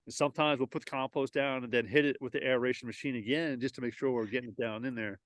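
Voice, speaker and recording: A man's voice: mid-range voice, fairly even intonation, fast, no room sound. Casual man, dry outdoor sound. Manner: loose, rambling, frequent restarts. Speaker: lawn renovation business owner. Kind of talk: casual interview. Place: outdoors at home property.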